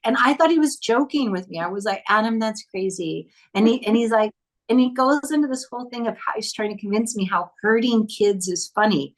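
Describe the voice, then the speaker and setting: A woman's voice: on the high side, fairly quick, low-quality recording. A woman film director, a guest on an interview show, telling anecdotes from a film set and acting out the lines of the people she quotes. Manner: animated, acts out quoted dialogue. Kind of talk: casual interview storytelling.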